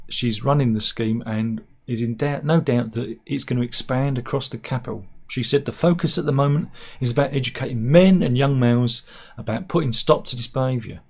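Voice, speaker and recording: A man's voice: mid-range voice, normal speed. A man giving rambling, sarcastic comic commentary on news stories, with mock-serious asides. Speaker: satirical news vlogger.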